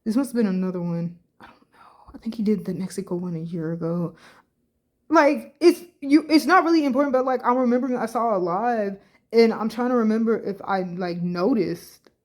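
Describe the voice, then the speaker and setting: A woman's voice: medium pitch, a little fast, darkish tone. Woman reacting to posts online, blunt and slangy, swears freely, casual vlog talk. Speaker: vlogger reacting to social media posts. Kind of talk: casual reaction vlog, reading comments aloud.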